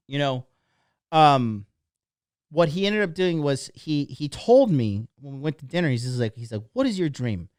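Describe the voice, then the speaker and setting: A man's voice: medium pitch, darkish tone, smooth, no room sound, clean studio sound. A man in his thirties, a dating coach telling a rambling story in a blunt, profane motivational monologue.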